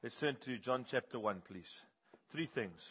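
A man's voice: mid-range voice, lively intonation, moderate pace, fairly bright tone, husky, highs cut off. A man with a South African accent preaching a sermon emphatically and having the congregation repeat words back to him. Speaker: pastor.

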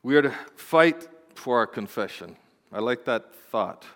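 A man pastor preaching a sermon, swinging between loud, fervent exhortation and quiet, tender storytelling. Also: medium pitch, expressive, a little slow. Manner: impassioned preaching, rising to loud exhortation and dropping to soft storytelling. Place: church sanctuary. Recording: long hall reverb.

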